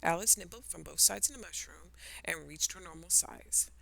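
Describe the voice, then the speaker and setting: A woman narrating a children's story in an expressive storytelling style. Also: on the low side, moderate pace, creaky.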